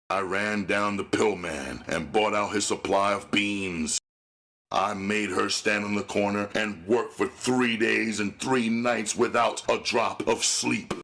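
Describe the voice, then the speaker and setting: A man reading a gritty first-person novel aloud as an audiobook narrator, with a slow, menacing delivery. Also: fairly low pitch, a bit bright, breathy edge.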